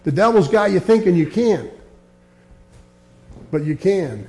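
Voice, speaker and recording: A man preaching a sermon, reading scripture aloud and dropping low and quiet to press his points. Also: expressive, unhurried, long pauses. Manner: earnest, quotes scripture, drops low and quiet on key points.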